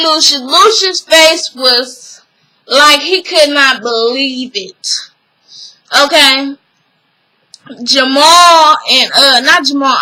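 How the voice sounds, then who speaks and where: Animated woman recapping a show. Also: sits high, low-quality recording. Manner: animated, acts out characters' lines, laughs often. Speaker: vlogger recapping a TV episode. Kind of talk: casual recap chat.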